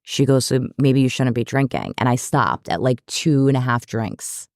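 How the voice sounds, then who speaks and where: A woman's voice: very deep voice, animated, normal speed, darkish tone, no echo, studio quality. A woman guest on a podcast, a psychotherapist who tells her story with humor and acts out the people she quotes. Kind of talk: casual storytelling interview.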